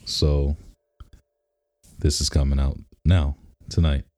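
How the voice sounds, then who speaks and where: A man's voice: rumbling low, little pitch movement, slow pace, warm tone. A man co-hosting a podcast in casual chat, playful and joking, sometimes breaking into short sung bits. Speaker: podcast co-host.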